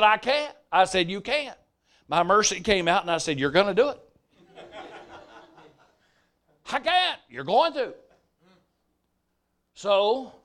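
High-voiced older southern preacher man, telling stories in a sermon, acting out the voices. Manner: animated storytelling, acts out quoted voices. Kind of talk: sermon storytelling.

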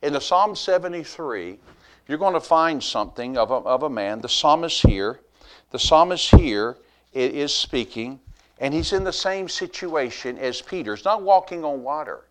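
A middle-aged preacher from Alabama speaks. He tells the story in a homey, folksy way. His voice climbs loud for emphasis, then sinks to a near hush. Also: on the high side, normal speed, a little hiss or hum. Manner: animated, folksy, swings between loud and hushed. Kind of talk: sermon.

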